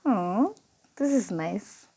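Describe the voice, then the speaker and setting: A woman's voice: mid-range voice, animated, very slow, breathy edge, low-quality recording. Earnest woman vlogger. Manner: heartfelt and earnest, with soft, hushed stretches; chatty and upbeat, speaks to viewers directly. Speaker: vlogger and nutrition coach. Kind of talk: personal vlog talk to camera.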